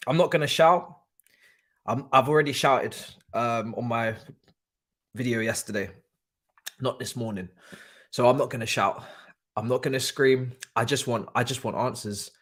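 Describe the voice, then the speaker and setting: Exasperated young man, slow rant. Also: medium pitch, fairly even intonation, fairly bright tone, slightly rough. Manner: exasperated, sarcastic, swears. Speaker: football watchalong streamer. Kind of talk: casual live-stream rant.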